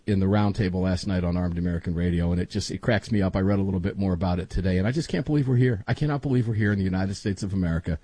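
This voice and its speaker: A male talk radio host chatting with a guest. He speaks in a lowish, husky voice and often stumbles and repeats words. The sound is dry and close to the mic. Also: mellow, dry recording. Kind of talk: casual political talk show chat.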